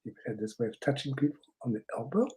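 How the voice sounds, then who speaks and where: An older man, a psychotherapist and interview guest, telling an anecdote in an animated way, often laughing and repeating words as he starts a sentence. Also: mid-range voice, quick pace. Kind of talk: anecdotal storytelling.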